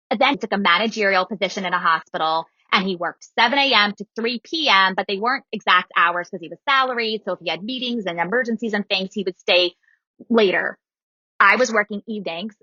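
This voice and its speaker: A woman's voice: medium pitch, no echo, muffled recording. A woman in her thirties telling a personal story on a podcast in casual chat, acting out what others said. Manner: animated, quotes people in her story. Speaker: guest storyteller.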